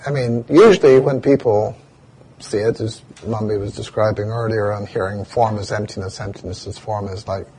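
A man giving a dharma talk as a meditation teacher, telling stories and slowly spelling out Sanskrit chant words. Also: on the low side, fairly even intonation, darkish tone, slightly rough.

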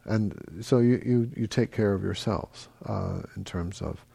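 A middle-aged man teaching a meditation class, answering questions in a relaxed, halting way with many fillers. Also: on the low side, gravelly, slightly rough. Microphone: microphone.

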